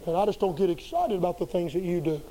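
A man putting on the voice of a calm, unemotional churchgoer, speaking in a subdued, matter-of-fact way. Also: sits high, quick pace, voice pushed down, lightly acted, low-quality recording. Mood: flat. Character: plain-spoken churchgoer, calm and unexcitable.

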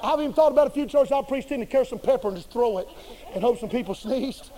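High-voiced folksy preacher. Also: male voice, fast talker, slight background noise, rough recording. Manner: folksy, humorous, colloquial storytelling with sudden swings in loudness. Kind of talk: sermon.

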